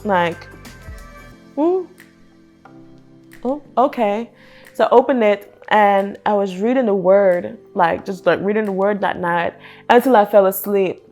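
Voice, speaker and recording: A young woman telling her personal faith testimony in a casual, lively way, acting out the voices in her story. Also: medium pitch, moderate pace, faint music behind. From Jamaica. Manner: animated, acts out quotes, laughs often. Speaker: testimony speaker.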